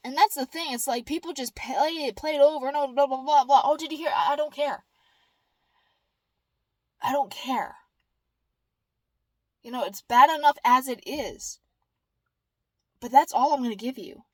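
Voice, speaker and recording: A woman's voice: high-pitched, moderate pace, pauses often, no room sound. A woman talking casually to her camera, rambling and blunt, swearing freely and mimicking whiny voices. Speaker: vlogger.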